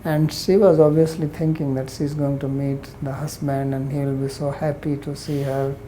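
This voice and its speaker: Woman lecturer, low and mellow voice, unhurried storytelling of scripture. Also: level tone, slight background noise, low-quality recording. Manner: retells the story in plain words, quoting its characters. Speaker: scripture teacher.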